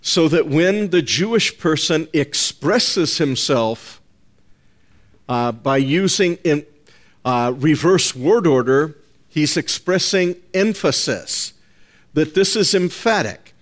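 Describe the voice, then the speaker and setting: A male preacher delivers a sermon slowly and deliberately, his voice sitting a little above the usual male range. He hammers home his points through repetition and emphasis, speaking directly to his congregation as "folks". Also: a little high, animated. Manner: addresses listeners as folks.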